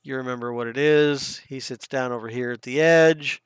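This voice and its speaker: Game master guy, laid back and rambly, crisp voice. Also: medium pitch, fairly even intonation, moderate pace, hardly any pauses, no room sound, clean studio sound. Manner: casual, rambling with fillers. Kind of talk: narrating a tabletop game.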